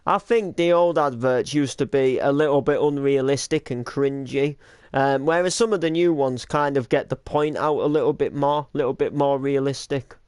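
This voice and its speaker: A young British man chats his way through a reaction to his old videos, full of restarts and filler likes. His voice is smooth and sits at a middling pitch. The sound is dry and close, with no room around it. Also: normal speed, darkish tone, dry recording. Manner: rambling, lots of likes and restarts. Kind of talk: casual reaction commentary.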